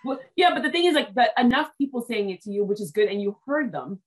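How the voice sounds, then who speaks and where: A woman hosting a casual interview over a video call, enthusiastic and talking at length with quick restarts. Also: fairly high pitch, expressive, husky. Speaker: host.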